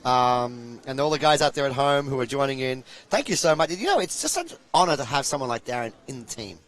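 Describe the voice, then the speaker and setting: A man hosting and calling a live pool stream, keen to rally viewers and fond of telling stories about the players. His voice is a mid-pitched male one. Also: animated, a little fast, fairly bright tone. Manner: eager, promoting the stream, long explanations. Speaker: pool commentator and stream host. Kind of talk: live sports commentary.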